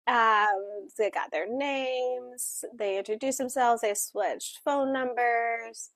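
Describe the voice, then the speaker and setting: A woman co-hosting a book club, voicing for a Deaf co-host in a casual, animated plot summary full of fillers and acted-out quotes. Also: on the high side, takes it slowly, no room sound.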